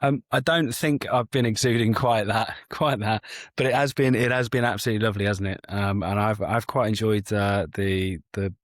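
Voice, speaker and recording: A man's voice: on the low side, fairly even intonation, moderate pace, no echo, clean studio sound. A man in casual podcast chat as a guest, hesitant with many ums and restarts, swearing casually.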